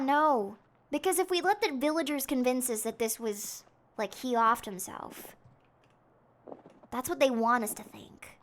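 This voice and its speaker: A woman streaming a mystery game, chatting excitably and thinking out loud as she investigates. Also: sits high. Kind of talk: live game commentary.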